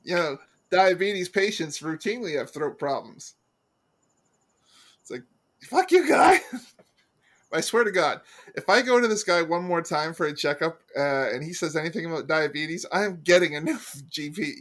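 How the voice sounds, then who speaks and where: A man's voice: fairly high pitch, expressive, moderate pace, fairly bright tone. A man co-hosting a podcast in casual chat, blunt and swearing as he rants in mock anger. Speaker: podcast co-host.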